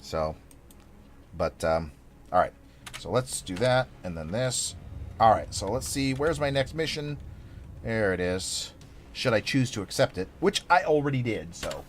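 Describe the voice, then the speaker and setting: A man's voice: on the low side, lively intonation, measured pace, pauses often, a little hiss or hum. A man streaming a game, chatting casually in a rambling, playful, over-the-top way full of fillers. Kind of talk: casual live-stream chat.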